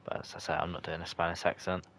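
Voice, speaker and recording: A man with a low, deep voice casually narrates his football video game on a live stream. He chats loosely with viewers and calls them by name. He jokes in slang and swears when a match goes against him. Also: level tone, fast, gravelly, fairly bright tone. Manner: chatty and loose, answers chat viewers by name. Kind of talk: casual live-stream commentary, reacting to chat.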